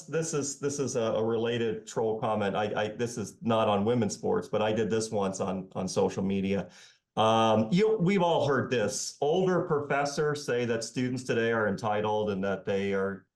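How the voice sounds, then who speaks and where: A man in his fifties, an economics professor, talking in a podcast interview in a sarcastic, animated way. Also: lowish voice, reverberant. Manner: animated and sarcastic, voicing his critics mockingly. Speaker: economics professor and author, guest.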